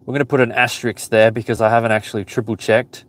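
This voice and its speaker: A man's voice: medium pitch, flat delivery, fast. A man streaming a live mobile game outdoors, chatting casually, teasing and reading the chat aloud. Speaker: Pokemon GO streamer.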